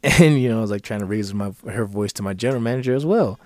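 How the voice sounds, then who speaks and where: A man's voice: fairly low pitch, fast talker, darkish tone, no echo. A man co-hosting a podcast, telling a story in casual profane chat and acting out the people he quotes in a raised voice. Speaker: podcast co-host.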